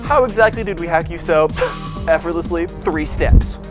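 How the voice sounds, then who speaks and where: A man's voice: on the high side, normal speed, lightly acted. A man playing a smug, taunting basement hacker in a comedy sketch, with music playing behind him.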